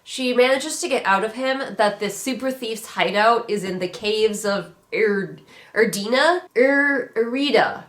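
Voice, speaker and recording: A woman's voice: a little high, a little slow, a bit bright. A woman reviewing a book in a sarcastic, chatty way, full of filler words, her voice a bit worn. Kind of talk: sarcastic casual book critique. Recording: roomy echo.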